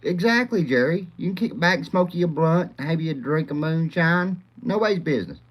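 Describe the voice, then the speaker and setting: In a muffled recording, a livestream host with a fairly high, expressive voice talks a little fast. His rambling chat is crude, profane, and rowdy, full of laughter and shout-outs to viewers by name.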